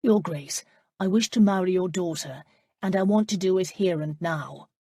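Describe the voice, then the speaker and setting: A woman's voice: lowish voice, normal speed, warm tone, husky, dry recording, studio quality. A woman reading the lines of an earnest young male reverend who speaks firmly. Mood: resolute.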